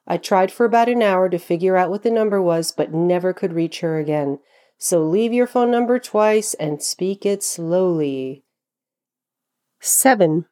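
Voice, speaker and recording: A woman giving a scripted pronunciation lesson, slowing down to model words clearly. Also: on the low side, dark tone. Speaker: pronunciation teacher. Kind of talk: scripted instructional narration.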